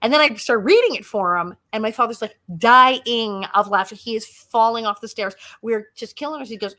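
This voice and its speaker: A woman in her sixties, a guest actress, telling lively anecdotes in a casual interview and laughing often. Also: a little high, moderate pace, hardly any pauses.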